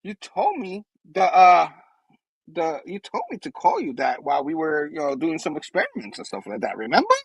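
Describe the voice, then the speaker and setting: Guy doing a perky college girl, chirpy and pushy, high squeaky voice, gravelly edge. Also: huge pitch swings, moderate pace, no echo, heavily acted, low-quality recording. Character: perky young woman college student.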